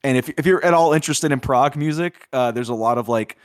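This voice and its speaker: A man's voice: mid-range voice, fast, clear, resonant tone, dry recording, studio quality. A man co-hosting a podcast, reviewing films in a loose, chatty way with lots of filler words. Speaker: podcast co-host. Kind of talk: casual film review chat.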